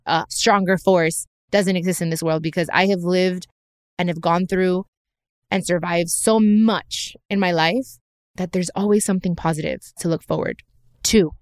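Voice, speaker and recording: A woman's voice: fairly low pitch, steady tone, normal speed, no room sound. Earnest woman hosting a podcast, dry sound. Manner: earnest and reflective, slips in Spanish phrases. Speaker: podcast host. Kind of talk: heartfelt personal podcast talk.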